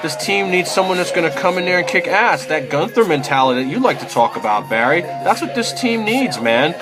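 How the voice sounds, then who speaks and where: A frustrated football fan vents at length, his voice pitched a little high. He swears freely and keeps circling back with "you know" and "man". Clear music plays behind him. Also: lively intonation, a little fast. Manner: exasperated, profane, rambling with many fillers. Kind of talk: casual fan rant to camera.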